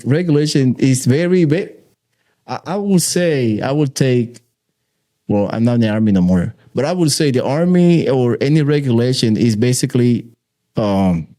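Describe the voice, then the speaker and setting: A man hosting a podcast, chatting loosely and sharing his own stories with a halting, filler-heavy way of talking. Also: medium pitch, warm tone. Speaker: podcast host. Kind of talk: casual interview chat.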